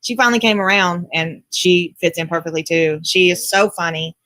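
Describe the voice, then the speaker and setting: A woman's voice: on the low side, moderate pace, a bit bright, dry recording. A middle-aged woman, chatting casually about her family as a podcast co-host, rambling with many fillers.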